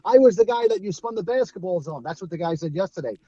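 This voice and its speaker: A middle-aged former streetball player from Brooklyn, with a New York accent, tells stories as a guest in a casual interview. He's animated, acts out the voices of the people he quotes, and laughs often. His voice sits high and fast with vocal fry, and the sound is lo-fi.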